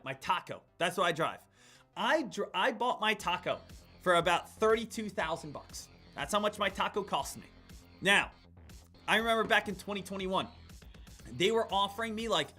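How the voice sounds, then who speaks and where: A man giving live day-trading commentary, excitable, jumping between loud hype and quiet muttering. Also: high voice. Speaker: day trader streaming his trades.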